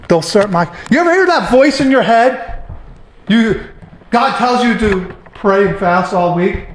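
A male pastor preaching a sermon emphatically, repeating his points and building to loud bursts. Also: high voice, animated, a little slow, heavy reverb, slight background noise, rough recording. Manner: emphatic, repetitive preaching with rising outbursts.

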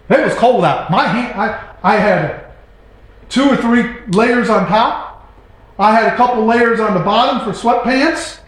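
A male pastor preaching a sermon emphatically, repeating his points and building to loud bursts. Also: very high voice, very echoey, low-quality recording. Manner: emphatic, repetitive preaching with rising outbursts.

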